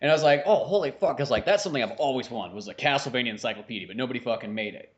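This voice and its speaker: A man co-hosting a podcast in casual chat, telling stories excitedly with plenty of swearing. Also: medium pitch, rapid-fire, highs cut off. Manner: excitable storyteller, profane. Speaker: podcast co-host.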